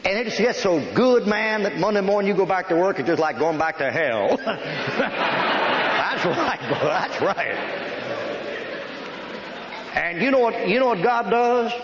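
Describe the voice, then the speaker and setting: Folksy preacher in an echoey hall. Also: male voice, high-pitched, animated, noisy background. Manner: folksy, joking, rapid listing. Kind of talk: folksy sermon. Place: church hall. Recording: echoey lo-fi old hall recording.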